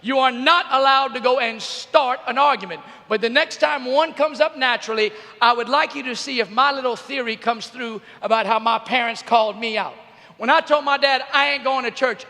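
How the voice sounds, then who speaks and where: Middle-aged guy cracking up a teen crowd, really high voice, bright and punchy, big arena echo all around. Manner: animated storytelling, often shouting. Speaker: youth speaker. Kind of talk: comedic motivational talk to teens. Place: large arena.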